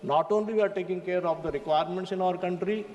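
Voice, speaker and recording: A man's voice: high-pitched, fast, darkish tone, dull audio, a little hiss or hum. Emphatic Indian man in a reverberant chamber. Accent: Indian English. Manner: emphatic, addresses the chair as sir. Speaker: member of parliament. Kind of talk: parliamentary speech. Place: large debating chamber.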